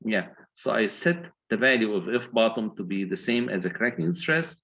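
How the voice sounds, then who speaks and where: A male lecturer with an Egyptian accent talks through a structural calculation in a low, gravelly voice. He moves step by step and keeps pausing to ask whether the class is following. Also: animated, a bit bright, low-quality recording. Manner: explains step by step, asks checking questions. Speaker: engineering lecturer. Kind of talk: university lecture.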